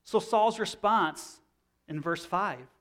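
A man's voice: high-pitched, slow pace, pushed and bright. A man in his thirties preaching a sermon in a conversational teaching manner, often restarting phrases. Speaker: pastor.

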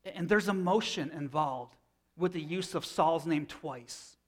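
A pastor in his thirties preaches a sermon in a conversational, teaching style, often restarting his phrases. His voice is a little high and his pace unhurried.

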